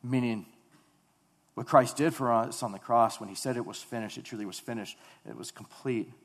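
Guy preaching a sermon, reads the verse then hammers it home, repeats lines, gets loud and fervent, medium pitch voice. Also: moderate pace. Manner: emphatic and repetitive, building to loud fervent passages; reads scripture aloud then expounds on it.

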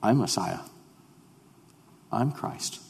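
A man preaching a sermon as pastor. He drops to hushed tones, then rises to loud, fervent declarations. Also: lowish voice, lively intonation, very slow, gravelly, breathy edge, big-room sound.

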